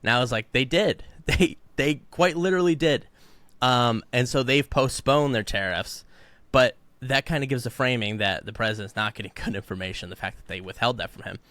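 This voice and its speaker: A male podcast co-host in full rant mode, fired up and exasperated. His voice sits at a middling pitch and is recorded close and dry with no room sound. He keeps slipping into mocking put-on voices of the people he quotes. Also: a little fast, bright, forceful tone, no echo. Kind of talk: heated political commentary.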